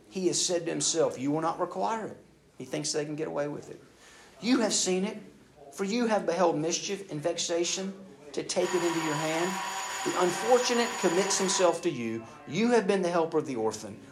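A man preaching a sermon. He reads scripture aloud, then speaks directly to the congregation, moving between loud emphasis and hushed asides. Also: a little high, moderate pace, noisy background. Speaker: pastor.

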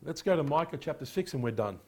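Husky guy preaching a sermon, lots of questions to the crowd, goes soft on the serious bits. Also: fairly high pitch, fast. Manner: animated preaching, rhetorical questions, drops quiet on solemn points. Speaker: pastor.

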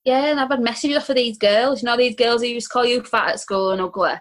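Chatty Yorkshire woman guest, self-deprecating, pitched a bit high. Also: fast. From Halifax, England. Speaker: podcast guest. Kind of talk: casual chat.

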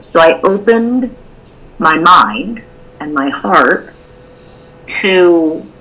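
A woman's voice: sits low, a bit bright, slightly rough, low-quality recording. A woman co-hosting a podcast, telling a personal story in a candid, open way during a casual conversation. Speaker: podcast co-host.

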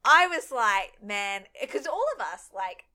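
A woman co-hosting a casual recap podcast, talking fast and acting out characters' lines as she goes. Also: medium pitch, clear, resonant tone. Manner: animated, acts out characters' lines mid-story. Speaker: podcast co-host.

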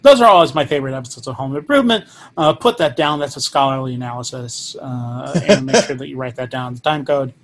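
A man's voice: medium pitch, fast, slight background noise. A man co-hosting a podcast, summarizing a film's plot and joking with mock seriousness. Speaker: podcast co-host. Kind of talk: casual movie review chat.

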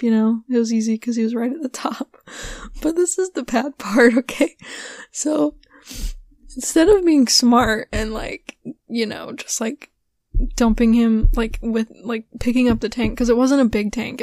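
A young woman hosting a podcast, telling a rambling story in a casual way, her voice hoarse and giving out, with lots of giggles and fillers. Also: on the high side, darkish tone, no room sound. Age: young adult. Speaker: podcast host.

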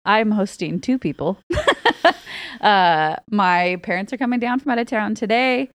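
A woman's voice: mid-range voice, a little slow, dry recording. A woman co-hosting a church podcast, cheerful and chatty. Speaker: podcast co-host. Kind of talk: casual church podcast chat.

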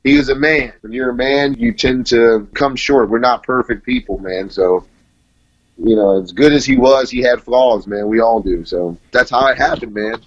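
A laid-back man in his thirties tells personal stories in a relaxed, conversational way, closing almost every sentence with "man". His voice sits in a middle register. The recording is dull and lo-fi. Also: medium pitch, moderate pace. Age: 30s. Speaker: interview guest. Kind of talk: casual interview storytelling.

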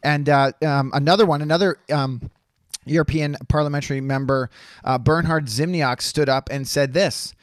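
A man co-hosting a political podcast, relaxed and dryly sarcastic. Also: on the high side, normal speed, no echo, clean studio sound. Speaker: podcast co-host. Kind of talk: casual political talk.

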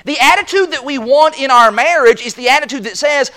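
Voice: high-pitched, a little fast, hardly any pauses, bright, forceful tone. A pastor preaching a sermon in an emphatic way, pointing listeners to scripture verses. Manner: emphatic, acts out quoted voices.

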